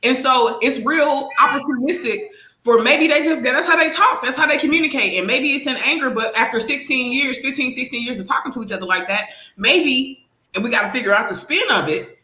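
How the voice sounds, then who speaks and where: A woman co-hosting a casual podcast chat. She talks in an animated, profane way and acts out what other people might say. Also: high voice, brisk. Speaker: podcast co-host. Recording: echoey room.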